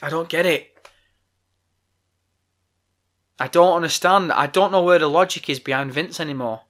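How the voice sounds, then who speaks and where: A man's voice: a little high, brisk, fairly bright tone. A man hosting a podcast, delivering a heated, profane, exasperated rant. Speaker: podcast host. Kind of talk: ranting podcast monologue.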